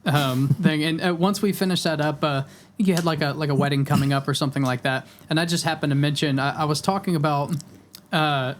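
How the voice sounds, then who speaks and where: A man hosting a casual podcast, his voice pitched a little high for a man. He laughs often and stumbles through fillers as he retells a friend's stories. A faint hiss sits under the recording. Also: steady tone, fairly quick. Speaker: podcast host.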